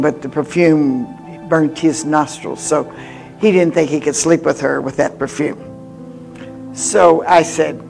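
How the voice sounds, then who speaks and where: A woman in her eighties preaching a sermon with personal stories, swinging from loud exhortation to hushed confiding. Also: low-pitched, gravelly. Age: 80s.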